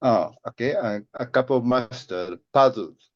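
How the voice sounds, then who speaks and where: A man repeats practice phrases slowly and tentatively over a video call. His voice comes through dry and somewhat dull. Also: medium pitch, no echo. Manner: slow, tentative repetition. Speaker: student. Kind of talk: pronunciation practice.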